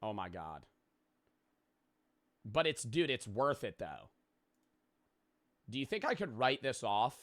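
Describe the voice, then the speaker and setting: A young man talks to his stream chat in a loose, rambling way, cracking jokes and swearing without a second thought. His voice is bright and ringing, and it swings widely up and down. The sound is close and dry. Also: mid-range voice, very animated, takes it slowly, pauses often, no room sound. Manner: rambling, joking, swears freely, thanks chat for subs. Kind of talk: casual live-stream reaction chat.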